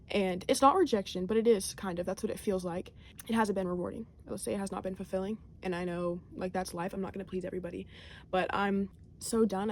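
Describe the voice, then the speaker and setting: Fast-talking teenage girl vlogging. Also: medium pitch. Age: late teens. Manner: rambling, filler-heavy, candid and unsure. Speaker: high school senior vlogger. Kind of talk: personal video diary.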